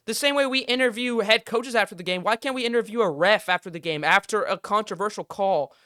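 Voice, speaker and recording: Heated young man ranting, bright crisp voice. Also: high voice, brisk, no echo, clean studio sound. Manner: heated, frustrated ranting with swearing. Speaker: podcast host. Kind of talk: casual sports commentary rant.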